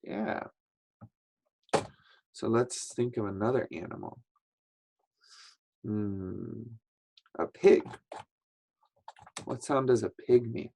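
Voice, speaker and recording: Slow, patient male teacher. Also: lowish voice, gravelly, dark tone, a little hiss or hum. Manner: patient, repeats words, acts out sounds. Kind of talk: slow English lesson for young learners.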